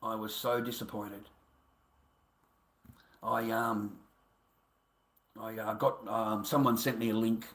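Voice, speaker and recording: A man's voice: lowish voice, flat delivery, slow pace, pauses often, fairly bright tone, reverberant. An Australian man livestreaming an angry, profane, combative rant at his viewers.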